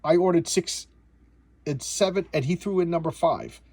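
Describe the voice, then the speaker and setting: A man's voice: a little high, moderate pace, a little mellow, breathy edge, no echo. A man talking casually and sarcastically about an old comic, rambling with many restarts and trailing asides. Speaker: comic book reviewer. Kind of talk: casual comic review monologue.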